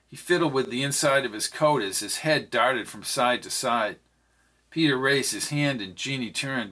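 This audiobook narrator reads a novel aloud without changing voices for the characters, voicing all their lines himself. His voice is medium in pitch, pushed and bright.

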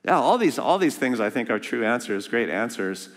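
A man preaching a sermon as a guest speaker, lively and joking, asking the congregation questions. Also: medium pitch, moderate pace, in a large hall. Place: church sanctuary.

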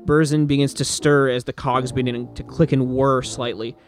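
A man's voice: mid-range voice, steady tone, moderate pace, faint music behind. A man narrating as game master of a tabletop game in a casual, easygoing way.

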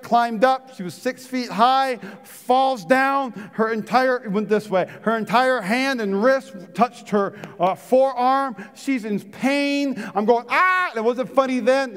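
A man preaching a sermon to his church, animated and chatty, jumping from loud punchy lines to hushed low ones and joking with the congregation. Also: smooth. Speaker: pastor. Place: church sanctuary. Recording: long reverb of a big hall.

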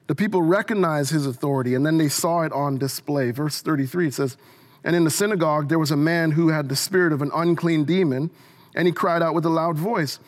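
A man preaching a sermon as pastor, earnest, with frequent restarts, and he asks the congregation to say words with him. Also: a little high. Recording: long hall reverb.

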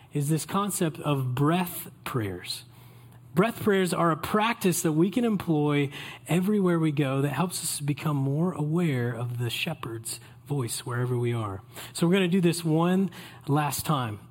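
A man preaching a Christmas Eve sermon as pastor, in a relaxed, conversational way that invites the congregation in. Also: fairly high pitch.

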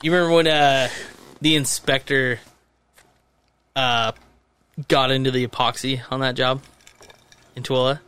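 A man's voice: mid-range voice, little pitch movement, measured pace, long pauses, pushed and bright, smooth. A man guesting on a podcast, reminiscing about old coworkers in casual, laughing banter. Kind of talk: casual chat.

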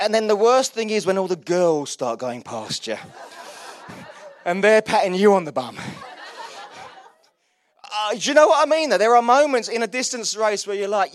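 Chatty preacher with a dry sound. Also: male voice, high voice, no echo. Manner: chatty and self-mocking, with frequent laughs and restarts. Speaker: pastor. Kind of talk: sermon. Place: church hall.

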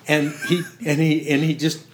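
An older man telling stories in an interview, halting and laughing, dropping to a hush when he quotes someone. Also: on the high side, completely flat delivery, slight background noise. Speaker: interview guest. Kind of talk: storytelling in conversation.

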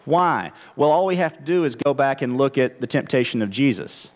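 A man's voice: mid-range voice, lively intonation, a little fast. A male pastor preaching a conversational sermon, often stammering and restarting his phrases. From Texas, United States.

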